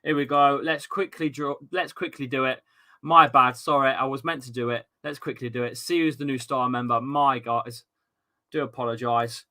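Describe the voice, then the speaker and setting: A man hosting a live football watchalong stream, reacting loudly to the match and chatting with his viewers in a casual, excitable way. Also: medium pitch, normal speed. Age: adult with a young son. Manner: excitable, shouts and swears at the match, chats with viewers. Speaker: livestream watchalong host.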